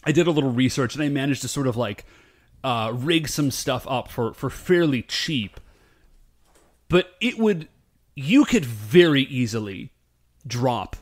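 A man co-hosting a podcast in casual chat, animated and rambling, full of fillers. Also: medium pitch, slow, long pauses. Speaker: podcast co-host.

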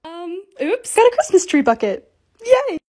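A woman's voice: high voice, big pitch swings, fast. A young woman narrating a casual lifestyle vlog, chatty, upbeat and poking fun at herself. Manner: chatty, upbeat, self-mocking. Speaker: lifestyle vlogger. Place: home bedroom and bathroom.

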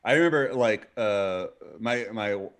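A man's voice: fairly low pitch, animated, unhurried, a bit bright, clear, resonant tone. A man in his forties on a livestream, telling a story in a loose, rambling way full of "like" and restarts. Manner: rambling, heavy use of "like", restarts mid-sentence. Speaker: stream co-host. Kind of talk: casual storytelling chat.

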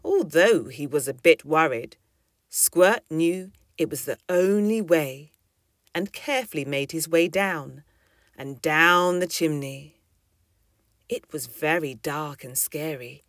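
A woman reading a children's story aloud in an expressive, lilting way. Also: low voice, slow, no room sound, clean studio sound.

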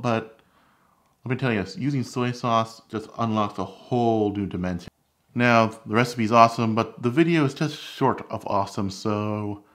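A man's voice: medium pitch, fairly bright tone. A man hosting his own cooking channel, chatting candidly and critiquing his own recipe videos. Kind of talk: casual vlog commentary.

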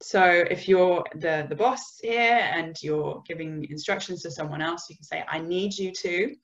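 A woman's voice: deep voice, fairly even intonation, normal speed, lo-fi sound. A woman from the UK giving a conversational business communication webinar, sometimes acting out example phrases. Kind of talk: webinar presentation.

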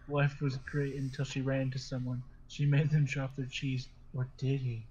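A man's voice: medium pitch, fairly even intonation, normal speed, a little mellow, muffled recording, a little hiss or hum. A man hosting a podcast, reading silly stories aloud to friends and often breaking into laughter as he stumbles through them. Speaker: podcast host.

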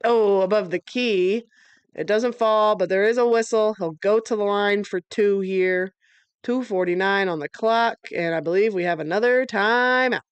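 A woman's voice: medium pitch, moderate pace, clean tone, dry recording. Chill woman streamer calling a game, cusses a lot, dry close mic. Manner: laid-back, swears casually, chats to her dog between plays. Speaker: streamer giving live game commentary. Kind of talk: casual live play-by-play commentary.

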